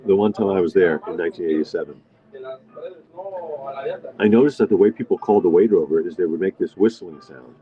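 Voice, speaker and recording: A middle-aged man with a very low voice chats casually on a live stream, drifting between topics and answering viewer comments. He is sitting in a diner. The sound is dull and lo-fi, with faint music in the background. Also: brisk, pauses often, dark tone. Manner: rambling, chatty, reads and answers viewer comments. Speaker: livestream host. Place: restaurant diner.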